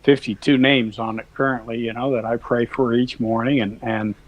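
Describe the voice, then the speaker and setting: Folksy rancher man, mid-pitched, dry close sound, rambling storyteller. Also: flat delivery, moderate pace, dry recording, low-quality recording. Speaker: guest, cattle rancher. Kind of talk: casual storytelling.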